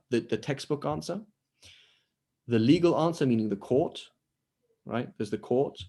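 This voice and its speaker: Mellow-voiced male teacher, conversational. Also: medium pitch, lively intonation, moderate pace, pauses often. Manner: conversational, acts out quoted dialogue. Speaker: Islamic studies teacher. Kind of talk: online lecture with Q&A. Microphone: video call.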